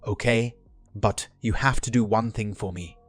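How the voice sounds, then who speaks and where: A man reading as a sharp-tongued wife in her forties. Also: lowish voice, steady tone, normal speed, husky, no echo, faint music behind. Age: 40s. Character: upset middle-aged wife, woman.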